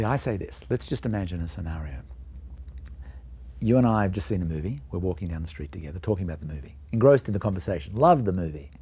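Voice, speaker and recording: A man with a lowish, gravelly voice speaks in an emphatic, explanatory way. His tone is mellow and dark, with a husky edge. He taps out rhythms with his voice to make his points. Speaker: music education founder. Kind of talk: explanatory talk to camera.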